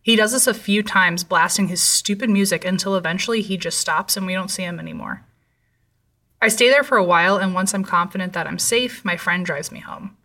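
A woman narrating a true horror story in a measured, somber way. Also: on the low side, sharp tone, recorded from a distance.

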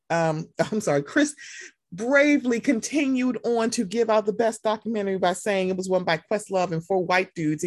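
Animated, profane woman podcast host. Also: medium pitch. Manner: animated, profane, acts out quotes in voices. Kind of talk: casual podcast chat.

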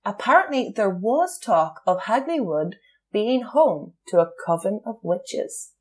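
A woman's voice: mid-range voice, expressive, unhurried. A woman co-hosting a podcast, telling a true crime story in a casual chat and laughing often. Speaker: podcast co-host.

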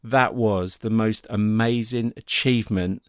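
A middle-aged man telling a personal story in a casual, animated way, acting out the voices he quotes. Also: fairly low pitch, a little slow, clear, resonant tone, no room sound, clean studio sound.

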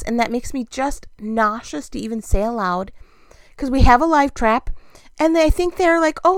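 Chatty high-voiced woman. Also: no echo. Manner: chatty and self-deprecating, frequent laughs. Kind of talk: casual storytelling monologue.

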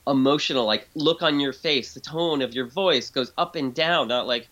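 A male interview guest speaks as an expert, keeping things lively and conversational while restarting sentences and acting out quoted voices. His pitch is medium and his speed normal. The audio is dull.

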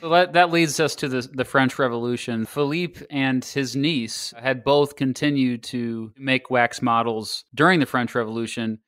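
A man co-hosting a podcast in casual chat, easygoing and quick to laugh. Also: medium pitch, steady tone, fairly bright tone. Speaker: podcast co-host.

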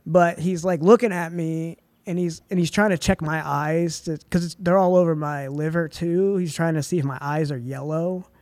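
A young man in his twenties, a film writer and director, telling a personal story in a relaxed, chatty way on a podcast. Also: a little high, normal speed, few pauses, no echo. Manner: relaxed and chatty, full of "like" and "dude". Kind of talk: casual storytelling in a podcast interview.

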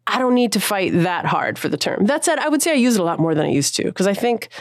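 A woman's voice: medium pitch, very animated, fast, no room sound, studio quality. A woman musician in her thirties, talking casually and thoughtfully in an interview, using slang and laughing often. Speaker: musician guest.

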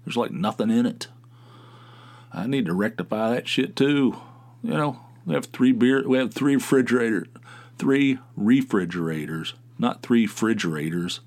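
A man's voice: lowish voice, moderate pace, a little mellow. A middle-aged man hosting a podcast, talking in a rambling, profane casual monologue with many restarts. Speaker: podcast host.

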